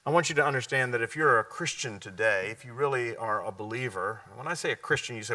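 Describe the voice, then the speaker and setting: A man preaching a sermon, often asking his listeners questions and answering them, sometimes dropping to a hushed, slow delivery. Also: medium pitch, distant mic. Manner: drops to a hushed, slow delivery at key points.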